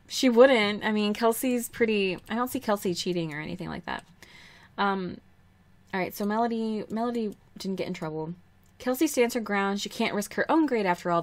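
A young woman hosting a let's play, giving casual gameplay commentary in a chatty, giggly, rambling way with lots of fillers. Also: medium pitch.

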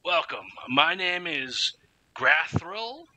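Guy doing a gnome shopkeeper, proud and kinda warning, high voice, put-on dwarf accent, slow and drawn out, bright tone. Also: expressive, slight background noise, exaggerated voice, rough recording. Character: welcoming gnome market owner, proud and warning.

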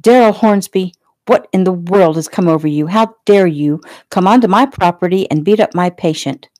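A woman voicing a spirited, no-nonsense private nurse who talks sharp, indignant and firm. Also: fairly low pitch, normal speed, no echo, clean studio sound, lightly acted.

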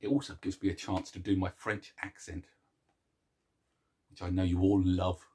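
A man's voice: deep voice, level tone, normal speed, darkish tone, breathy edge. A man hosting a casual video chat, joking and mocking himself while eating chocolate. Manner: jokey and self-mocking, chuckles at his own puns; eats chocolate while chatting. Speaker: host.

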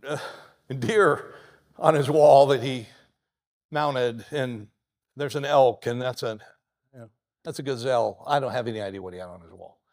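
A man pastor preaching a sermon, telling the story lively and acting out the people he quotes. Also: mid-range voice, normal speed, pauses often.

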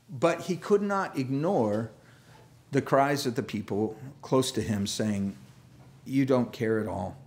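A male pastor giving a conversational sermon, telling the story with humor and acting out the characters' lines. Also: medium pitch. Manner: lively storyteller, acts out quoted voices, self-deprecating humor.

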